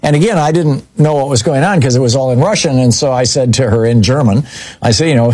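A middle-aged male radio host talking casually to his listeners. He wanders through his stories with fillers and self-corrections, in a relaxed, chatty way. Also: medium pitch, a little fast. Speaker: radio talk show host. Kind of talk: casual call-in radio talk and storytelling.

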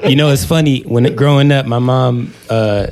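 A man's voice: medium pitch, fairly even intonation, moderate pace, a little mellow, clean tone. Laid-back slangy man telling his story. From Bay Area, family from London. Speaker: guest, entrepreneur. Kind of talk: casual interview storytelling.

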